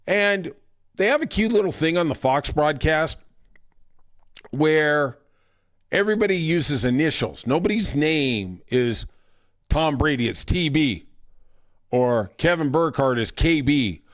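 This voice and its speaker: A man's voice: fairly high pitch, expressive, measured pace, long pauses. Sarcastic ranting podcast host man. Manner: sarcastic, ranting, mocking impressions. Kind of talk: casual opinion monologue.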